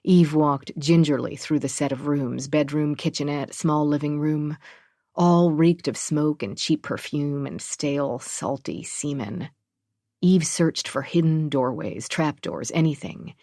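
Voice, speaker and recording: A woman narrating a thriller audiobook in a steady, even reading. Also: low voice, a little slow, no echo, studio quality.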